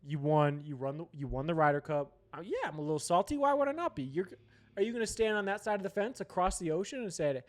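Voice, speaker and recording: A man from Colorado hosting a casual sports show, talking in a slightly high voice. He rants bluntly and swears freely. His sentences restart and repeat as he pushes his point. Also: big pitch swings, fast talker, darkish tone. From Colorado, USA. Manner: profane, blunt, ranting with heavy swearing; restless, restarts and repeats himself.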